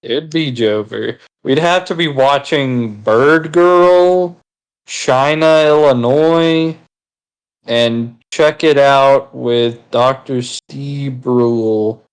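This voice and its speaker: Slow-talking man in casual gaming chat. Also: medium pitch, smooth, poor audio. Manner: rambling, swears casually, teasing. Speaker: gaming video co-host.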